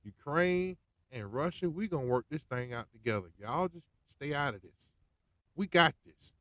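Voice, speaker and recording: A man hosting a podcast, ranting casually in slang and swinging between loud outbursts and hushed asides. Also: mid-range voice, expressive, moderate pace, dry recording. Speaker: podcast host. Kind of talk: casual political rant.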